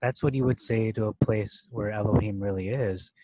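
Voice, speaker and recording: This Bible teacher's fairly low, darkish voice moves at a normal pace as he loosely talks through scripture, restarting often, using many fillers, and leaning on important words. The recording is low quality and echo-free.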